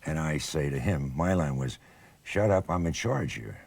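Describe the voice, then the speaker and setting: A man's voice: rumbling low, moderate pace, creaky, husky, no echo. An older man, a former athlete and actor, telling stories in a conversation and acting out the voices of the people in them. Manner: animated, acts out quoted voices. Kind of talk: storytelling anecdotes in conversation.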